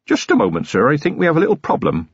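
A man's voice: a little high, huge pitch swings, fast, husky, no echo, voice pushed up, exaggerated voice. A man reading a novel aloud, voicing an earnest young village constable who is eager, deferential and boyish. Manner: eager and deferential, lots of "sir". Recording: dull lo-fi audiobook recording.

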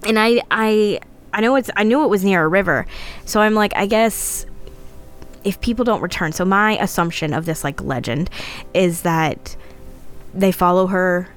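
A woman's voice: medium pitch, moderate pace, smooth, soft background music. Giggly woman reading a podcast legend. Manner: laughs often, reads notes with stumbles. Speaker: podcast co-host. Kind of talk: casual podcast storytelling.

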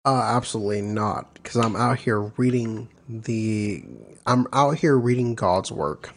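A man's voice: fairly low pitch, unhurried. A man hosting a casual chat podcast, joking, swearing and mocking himself as he reads posts aloud. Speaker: podcast host.

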